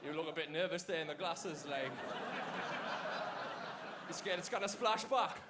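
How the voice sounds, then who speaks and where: Young geordie guy doing stand-up, deadpan and rambly, voice a bit high, noisy club recording. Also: moderate pace. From Newcastle, England. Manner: deadpan, rambling, with dialect fillers. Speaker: stand-up comedian. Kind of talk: stand-up comedy set. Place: comedy club stage with a live audience.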